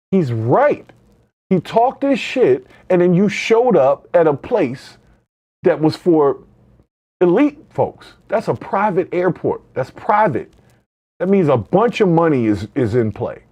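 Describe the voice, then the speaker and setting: A man's voice: fairly high pitch, warm tone. A man hosting a podcast, giving blunt, heated, profane commentary on the news. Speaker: podcast host. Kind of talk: opinionated commentary.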